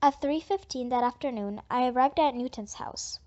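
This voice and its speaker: A woman reading a children's audiobook in first person, in a plain, even way. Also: high-pitched, normal speed, hardly any pauses. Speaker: audiobook reader. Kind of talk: first-person storybook narration. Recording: dull lo-fi audiobook recording.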